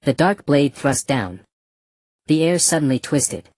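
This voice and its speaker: An audiobook narrator reading a fantasy novel in an even, measured storytelling manner. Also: mid-range voice, no room sound.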